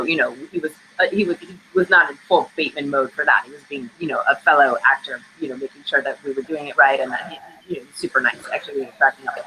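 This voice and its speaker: Bright, candid woman on a video call. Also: low voice, a little hiss or hum, rough recording. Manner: candid, chatty storyteller. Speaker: screenwriter guest. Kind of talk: casual interview answers.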